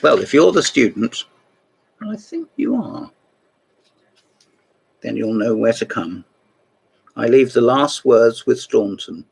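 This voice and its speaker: A man with a gravelly, slightly husky voice talks through his collection in a loose, rambling show-and-tell. He keeps dropping wry asides as he goes, at an ordinary mid pitch. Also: big pitch swings, slow, pauses often, rough recording. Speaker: host of a chess book video series. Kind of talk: casual show-and-tell talk.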